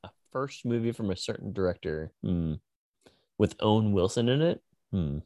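A man co-hosting a casual podcast chat, excitable and quick to laugh. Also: on the low side, dry recording, clean studio sound. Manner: excitable, swings from loud whoops to mumbling. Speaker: podcast co-host.

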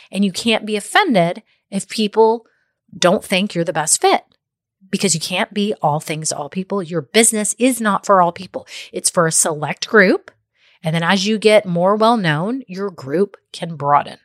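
A woman hosts a business podcast, talking straight to her listeners in a chatty, encouraging way. She keeps checking in with them as she goes. Her voice sits in an ordinary middle pitch and is recorded close and dry. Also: a bit bright, no echo. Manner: chatty and encouraging, with frequent "okay?" and "right?" check-ins. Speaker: podcast host. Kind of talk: motivational business podcast talk.

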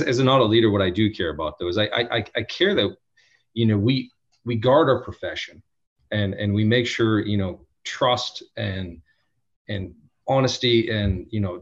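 A husky man with a low voice speaks as a podcast guest, earnest and emphatic, often restarting his sentences as he works through a point. The recording has a dull, lo-fi sound. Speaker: internal audit executive, podcast guest. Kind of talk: interview answers.

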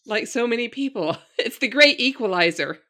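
Brief: woman panelist, bright tone, lively, wry. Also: a little high, normal speed. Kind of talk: panel conversation.

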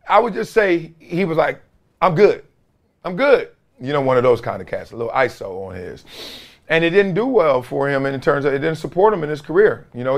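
Animated, lively-voiced man telling stories. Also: on the high side. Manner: animated, laughing storyteller, slangy and emphatic. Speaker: sports talk show host. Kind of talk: casual sports commentary with storytelling.

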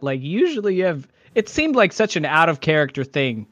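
A man's voice: high-pitched, measured pace, dry recording. A man in a casual podcast chat, animatedly retelling movie scenes. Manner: animated storyteller, acts out quotes.

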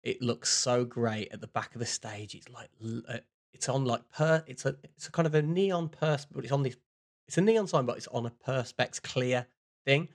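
A man's voice: mid-range voice, normal speed. A man co-hosting a podcast, chatting in a rambling, self-mocking way. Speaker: podcast co-host. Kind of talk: casual chat.

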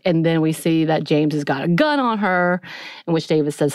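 Woman with a low voice, podcast host going over an episode, animated, dry sound. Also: fairly quick, dry recording. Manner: chatty, animated retelling with quoted dialogue. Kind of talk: casual episode recap.

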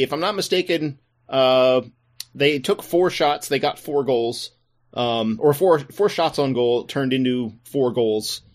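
A man hosting a sports podcast, talking casually with wry, deadpan asides. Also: mid-range voice. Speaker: podcast host.

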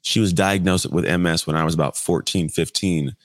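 A man's voice: sits low, fairly even intonation, brisk. A man in his thirties, a podcast guest, telling his life story in a blunt, conversational way with occasional mild swearing. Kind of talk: candid storytelling interview.

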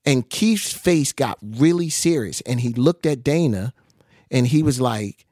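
A man's voice: mid-range voice, measured pace, no echo, studio quality. A man telling stories in casual conversation, acting out the voices of people he quotes. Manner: animated, acts out quoted voices. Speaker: guest recalling his early music career.

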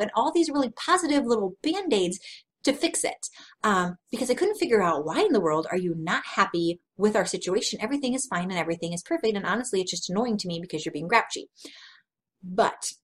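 Woman, 30s, devotional speaker; earnest, conversational, slow and deliberate delivery. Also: mid-range voice, expressive, breathy edge. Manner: tells personal stories with frank honesty. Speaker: Christian speaker. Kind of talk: devotional teaching talk.

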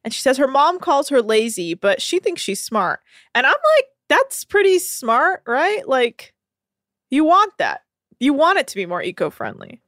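A woman's voice: high-pitched, huge pitch swings, normal speed, a bit bright, no room sound, clean studio sound. A woman podcast host recapping a reality show in casual, profane, laughing chat.

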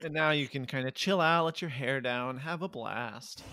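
A man's voice: mid-range voice, moderate pace, noisy background. A man co-hosting a comedy podcast, chatting in a wry way and giggling often. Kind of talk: casual comedy podcast chat.

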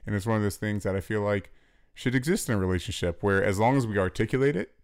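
A man co-hosting a casual chat with his partner, talking in a relaxed way and acting out quoted lines. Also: fairly low pitch, fast, clear, resonant tone.

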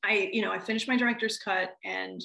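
A woman film director talking casually in an interview, animated and laughing as she acts out what people said. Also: medium pitch, fairly quick, creaky, reverberant, poor audio.

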